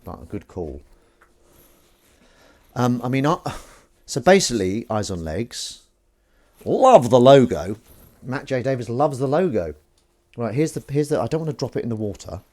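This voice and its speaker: Young male stream host, casual chat, animated delivery. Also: mid-range voice, normal speed, pauses often. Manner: chatty, self-mocking, reads chat aloud. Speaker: livestream host. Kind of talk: casual chat while washing up.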